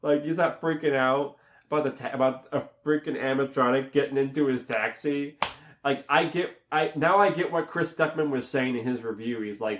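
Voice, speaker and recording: A man giving a casual, rambling spoken movie review, full of fillers and restarts, who jumps up in pitch when acting out reactions. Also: moderate pace.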